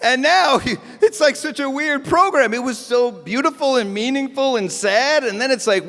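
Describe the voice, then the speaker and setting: Speaking a little slowly in an extremely high voice, a man does animated, self-deprecating stand-up at an evening event, chatting and acting out bits. The live audience fills an event hall, and the recording carries a long hall reverb.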